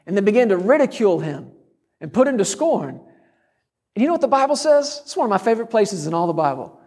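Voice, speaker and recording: A man's voice: high voice, sing-song, quick pace, a little mellow, slightly rough. A man preaching a sermon, driving his points home through repeated declarations and rhetorical questions.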